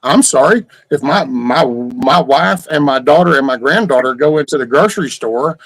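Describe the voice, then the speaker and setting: A man's voice: medium pitch, animated, moderate pace, dry recording, low-quality recording. An older man with a drawl, hosting a casual livestream and ranting in rambling, profane rhetorical questions. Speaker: livestream host.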